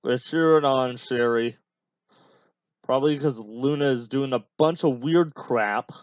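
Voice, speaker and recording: A man's voice: medium pitch, unhurried, no echo, highs cut off. Man doing casual running commentary. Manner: relaxed, offhand running remarks. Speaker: podcast host. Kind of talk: casual live commentary while watching a match.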